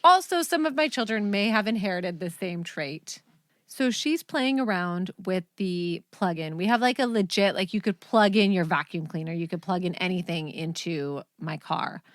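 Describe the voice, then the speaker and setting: A woman's voice: lowish voice, lively intonation, normal speed, no echo, clean studio sound. A woman hosting a podcast in casual chat, telling stories and laughing often. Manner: giggly storyteller, laughs often. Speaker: podcast host.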